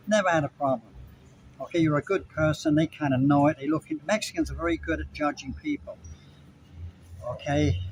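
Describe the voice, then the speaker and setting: Rambling man, rather high voice. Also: slight background noise, rough recording. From Britain. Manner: rambling, repeats himself, talks straight to viewers. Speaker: vlogger. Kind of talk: casual evening rant to camera. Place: Puerto Vallarta, Mexico.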